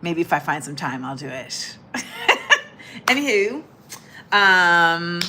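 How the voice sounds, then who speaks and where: A woman's voice: on the low side, big pitch swings, slow pace, pauses often, pushed and bright, slight background noise. A woman hosting a casual livestream, chatting playfully with viewers, reading their comments and laughing as she goes. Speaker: livestream host.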